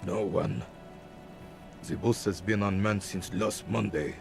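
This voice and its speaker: A man voicing a proud, gruff old veteran guard in a video game who scolds in clipped, formal sentences. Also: fairly low pitch, fairly even intonation, takes it slowly, faint music behind. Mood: weary. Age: older. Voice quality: gravelly.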